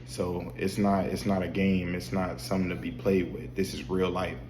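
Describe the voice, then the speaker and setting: The man's deep voice holds a level tone at a moderate pace. Sitting at home at night in a dim room, this faith vlogger talks casually to camera about spiritual things, repeating himself, preaching, restarting, and asking rhetorical questions. The audio sounds roomy, with background noise.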